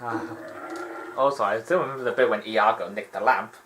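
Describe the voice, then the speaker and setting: A man giving rambling, animated gaming commentary and laughing often. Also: lowish voice, fairly quick, rough recording. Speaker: let's play host.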